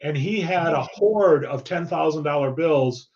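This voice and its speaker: A man who is a guest on a coin collecting stream, chatting in an animated, talkative way. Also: a little high, a little slow, highs cut off. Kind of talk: casual chat.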